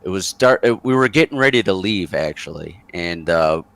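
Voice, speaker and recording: Lively low-voiced man telling a story. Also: moderate pace, vocal fry. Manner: rambling, lively, chuckling, many fillers. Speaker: interview guest, former soldier. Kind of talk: casual storytelling.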